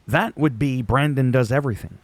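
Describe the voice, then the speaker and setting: Fairly quick and medium in pitch, a man whose native language is French rants through a wrestling recap on YouTube. His casual commentary is sarcastic and laced with profanity.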